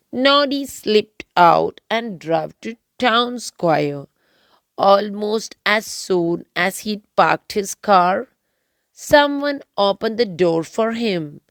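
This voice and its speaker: Slow, gravelly woman reading a storybook. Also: medium pitch, animated, no echo. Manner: slow, gentle storytelling with voiced characters. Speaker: storybook reader. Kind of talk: children's read-aloud.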